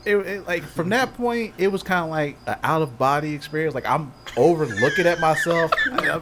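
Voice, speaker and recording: A man with a lively, swooping voice, chatting casually on a live-streamed podcast. He tells stories in an animated way and acts out each line of dialogue. A faint hiss of background noise sits under his voice. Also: fairly high pitch, a little fast, hardly any pauses. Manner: animated storyteller, acts out quotes with many "I'm like". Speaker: podcast co-host. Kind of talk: casual chat, storytelling.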